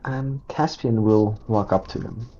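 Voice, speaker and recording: A man speaks slowly and calmly in character, his voice dark and a little husky. The recording is dull and lo-fi. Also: lowish voice, a little hiss or hum. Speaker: player. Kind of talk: in-character tabletop play.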